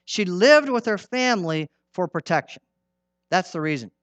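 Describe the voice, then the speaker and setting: A middle-aged man preaching a sermon in an earnest, emphatic way, repeating his key lines and dropping from loud to hushed. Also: sits high, expressive, normal speed, no echo, lo-fi sound.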